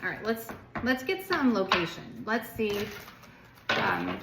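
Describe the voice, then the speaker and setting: Speaking slowly with huge swings in pitch around a medium range, an American woman does a casual tarot reading for viewers. She's chatty, rambling, and full of fillers; the room echoes and there's background noise.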